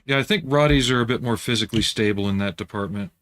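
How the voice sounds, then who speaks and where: A man's voice: fairly low pitch, fast talker. Easygoing man chatting on a livestream. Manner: relaxed, chatty, answers viewer comments while working. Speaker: livestream host building scale models. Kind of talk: casual livestream chat.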